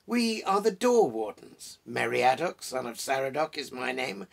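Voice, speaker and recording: A man's voice: mid-range voice, sing-song, measured pace, vocal fry, heavily acted. A man voicing a young male hobbit who speaks with mock-formal courtesy in a storybook reading.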